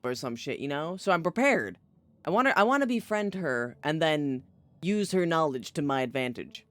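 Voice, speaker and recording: Young male streamer, joking and swearing through a story game; slightly high voice, dry close sound. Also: very animated, moderate pace, a bit bright, clean tone, no room sound. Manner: playful, profane, chatty. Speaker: gaming streamer. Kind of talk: casual let's-play commentary.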